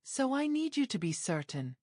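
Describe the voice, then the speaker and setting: A woman narrator voicing a guarded, brooding man who is a crime boss, speaking quietly and intensely. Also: sits high, big pitch swings, normal speed, dry recording, clean studio sound, pitched above the performer's own voice. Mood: raw.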